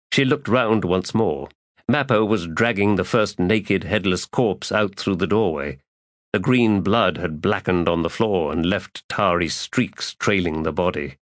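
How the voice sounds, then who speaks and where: A man narrating a fantasy audiobook in a measured storytelling voice. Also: low voice, dry recording, clean studio sound.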